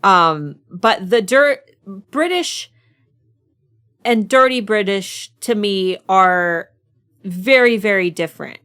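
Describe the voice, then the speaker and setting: American woman co-host, mid-pitched voice, teasing and quick to giggle in relaxed book talk. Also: clear, resonant tone. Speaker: podcast co-host. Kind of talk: casual chat.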